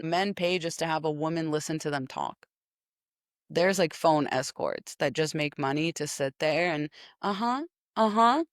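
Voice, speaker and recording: A woman's voice: low voice, no echo, clean studio sound. A young woman giving casual opinion commentary and answering comments, sarcastic and blunt, swearing freely.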